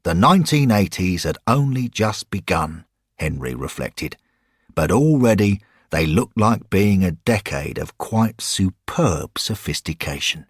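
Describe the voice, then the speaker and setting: A man narrating a scripted audio story in a measured way. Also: low voice, sing-song, husky, dry recording, clean studio sound.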